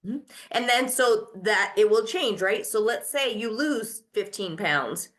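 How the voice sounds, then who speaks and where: A woman's voice: fairly high pitch, animated, unhurried, a bit bright. Woman coaching a live class. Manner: coaching, asks and answers her own questions. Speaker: host. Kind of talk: live online masterclass.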